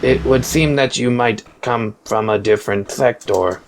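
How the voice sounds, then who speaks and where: A man reading out the lines of a stern male robot overseer in a slow, flat, mechanical way, as he plays a video game. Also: mid-range voice, a little hiss or hum, close to an everyday voice, low-quality recording. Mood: commanding. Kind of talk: reading game dialogue aloud.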